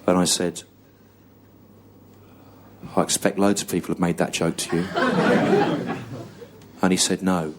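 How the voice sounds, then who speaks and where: A low-voiced English man in his thirties doing stand-up. He drags out his story in a slow, halting deadpan, circling back over the same lines. The recording carries heavy background noise. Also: over a noisy crowd. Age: 30s. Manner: slow, halting deadpan delivery with long pauses and repetition. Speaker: stand-up comedian. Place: comedy venue on stage with audience laughter.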